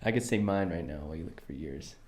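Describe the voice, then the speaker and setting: A man's voice: deep voice, expressive, quick pace, background noise. A man in his twenties co-hosting a podcast, rambling casually with lots of fillers and laughs. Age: 20s. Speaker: podcast co-host. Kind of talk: casual chat.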